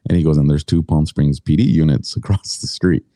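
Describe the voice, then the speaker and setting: Very deep-voiced, blunt middle-aged man. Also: fairly quick, mellow, no echo, studio quality. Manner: blunt, profane, indignant. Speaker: podcast guest. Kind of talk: storytelling in a podcast interview.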